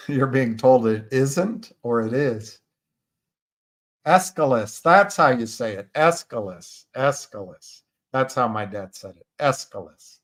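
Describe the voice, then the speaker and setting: A man talks alone on a livestream, thinking out loud as he goes. His delivery is slow and unhurried, full of pauses, restarts and fillers. His voice sits at an ordinary middle pitch. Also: animated. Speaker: livestream host. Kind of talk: casual livestream commentary.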